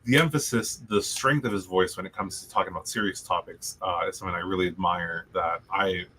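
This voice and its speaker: A man's voice: deep voice, brisk, pushed and bright, slight background noise. A young man hosting a student radio chat, rambling and joking and often correcting himself. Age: young adult. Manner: rambling, self-correcting, jokey. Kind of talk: casual chat.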